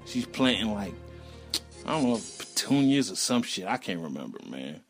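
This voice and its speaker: A man's voice: on the low side, very animated, moderate pace, breathy edge, faint music behind. Profane, rambling middle-aged storyteller man. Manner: profane, loose, rambling anecdotes; acts out sounds and voices animatedly. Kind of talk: casual personal storytelling.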